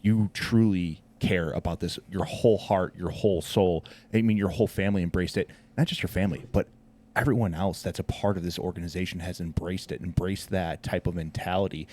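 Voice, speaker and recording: A man's voice: low voice, fairly even intonation, brisk, darkish tone. A man hosting a podcast, talking earnestly and encouragingly to his guest, calling him brother. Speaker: podcast host. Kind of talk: casual podcast conversation.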